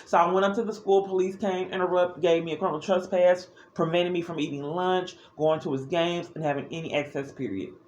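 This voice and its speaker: A woman's voice: on the low side, steady tone, fairly quick, hardly any pauses, a little mellow, lo-fi sound. A woman talks straight to the camera in a personal video diary. Her delivery is earnest and agitated, and she often breaks off mid-sentence and starts over. A faint hum of room ambience sits underneath. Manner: earnest and agitated, with frequent restarts. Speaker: parent recording a video diary.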